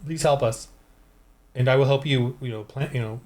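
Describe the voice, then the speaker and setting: A man's voice: medium pitch, fairly even intonation, moderate pace, darkish tone, pitched below the performer's own voice, close to an everyday voice. A frightened village tanner pleads for aid, voiced by a man in his everyday voice. The tone is urgent and begging, and it comes in the middle of tabletop game prep. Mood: pleading.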